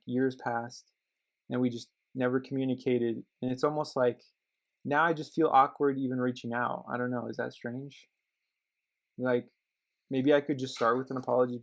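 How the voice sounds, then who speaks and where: Rambling, gravelly middle-aged man. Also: medium pitch. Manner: rambling, self-interrupting, joking; turns quiet and reflective. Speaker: car vlogger. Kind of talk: casual chat.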